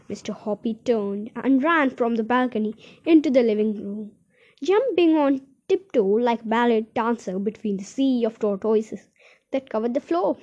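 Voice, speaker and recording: A woman reading a children's story aloud in an expressive, animated way. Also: on the high side. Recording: dull lo-fi recording.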